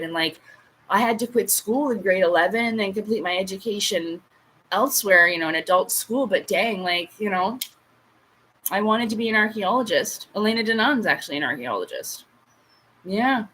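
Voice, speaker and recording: A woman's voice: mid-range voice, fairly bright tone, slight background noise, low-quality recording. A woman in her late thirties hosting a casual livestream chat, a rambling storyteller with frequent asides. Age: late 30s. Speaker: livestream host.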